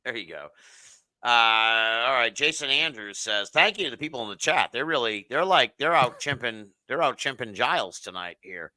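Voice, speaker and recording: A man's voice: medium pitch, expressive, normal speed, pushed and bright, dry recording. A man hosting a live podcast, chatting casually about election results, swearing freely and reading chat comments aloud. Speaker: podcast host.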